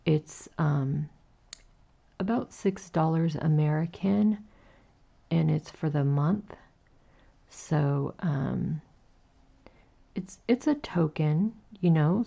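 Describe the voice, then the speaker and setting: A woman in her forties with a raspy, low morning voice, chatting slowly and gently with viewers while she crochets on a livestream. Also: muffled recording. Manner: slow, gentle, chatty with fillers, reading out chat. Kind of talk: casual chat while crocheting.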